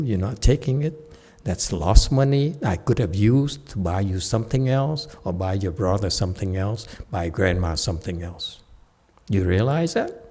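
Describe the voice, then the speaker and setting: A man's voice: lowish voice, warm tone. A man giving a playful Buddhist dharma talk at a meditation center, laughing often and checking in with his listeners. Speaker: meditation teacher.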